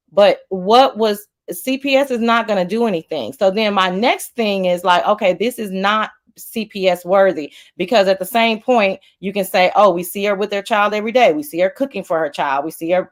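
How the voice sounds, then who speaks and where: A woman hosting a livestream, talking casually and bluntly, pressing her questions and swearing freely. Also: mid-range voice. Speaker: livestream host.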